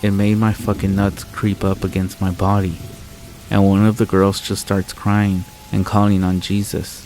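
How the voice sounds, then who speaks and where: A man narrating a scary story in a calm, measured, deadpan way. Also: sits low, rough recording. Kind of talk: scripted narration. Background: rain and faint music.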